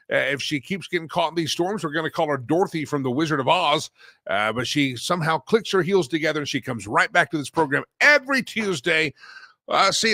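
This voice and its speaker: A man hosting a talk show, telling stories in a lively, animated way with frequent laughs and sudden loud bursts. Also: fairly high pitch, no room sound, studio quality. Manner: animated storyteller, laughs often, swings loud. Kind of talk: casual talk show banter.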